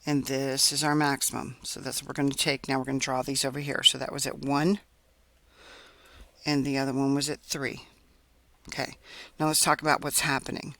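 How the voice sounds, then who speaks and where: A man's voice: mid-range voice, flat delivery, fairly quick, vocal fry, pushed and bright, no room sound. A man teaching a recorded math lesson, explaining step by step as he works on a graph and checking in often with "right?" and "okay?".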